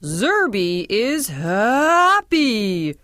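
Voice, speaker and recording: A woman doing a slow, drooling purple alien Zerby. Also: fairly high pitch, big pitch swings, no room sound, clean studio sound, exaggerated voice. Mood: eager. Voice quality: wet, drooling. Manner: broken grammar, slow, yelling last words. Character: small slimy purple alien, lonely and eager.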